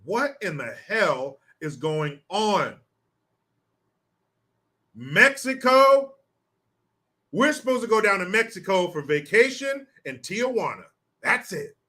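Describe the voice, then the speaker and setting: High, bright-voiced man ranting sarcastically. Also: sing-song, unhurried. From United States. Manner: combative, sarcastic, profane; reads viewer comments aloud. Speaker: political commentary host. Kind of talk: ranting political commentary.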